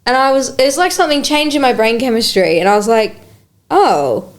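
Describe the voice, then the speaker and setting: A woman's voice: sits high, fast talker. A young woman hosting a podcast, telling a story in casual chat, swearing freely and acting out quotes. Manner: animated, swears freely, acts out quotes in a raised voice. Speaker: podcast host.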